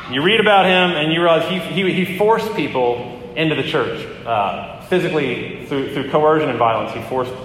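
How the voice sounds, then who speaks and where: A pastor giving a conversational sermon, often pausing with fillers and restarting his phrases. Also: medium pitch, fairly bright tone, a little hiss or hum. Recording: echoey hall with long reverb.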